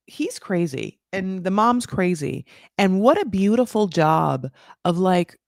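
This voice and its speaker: A woman's voice: lowish voice, gravelly, no room sound, clean studio sound. A woman hosting a casual reality-show recap, gossipy and sarcastic, swearing and filling her talk with "like".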